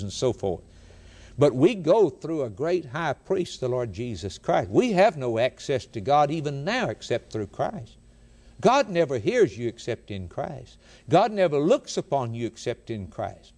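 Male preacher, sermon delivery, animated pitch, repeats phrases, earnest build and drop. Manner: earnest preaching, rising to emphatic peaks and dropping low on key lines.

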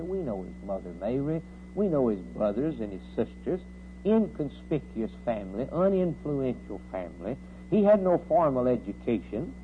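Male preacher, sermon, rhetorical questions, swings from loud to hushed, thin phone-like old recording, faint hum. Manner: rhetorical questions, rising to loud outbursts then dropping low.

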